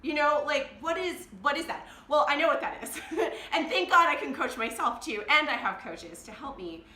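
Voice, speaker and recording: A woman's voice: high voice, animated, moderate pace, sharp tone, a little hiss or hum. A woman life coach talking candidly to her device, emotional and blunt, often laughing as she speaks. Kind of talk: candid confessional vlog. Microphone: phone or camera device. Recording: roomy echo.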